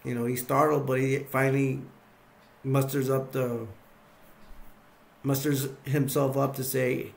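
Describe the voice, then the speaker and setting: A man's voice: medium pitch, little pitch movement, unhurried, gravelly, pauses often. A man casually retelling movie scenes in a rambling way, acting out the characters' lines. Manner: rambling, acts out lines, lots of fillers. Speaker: video reviewer.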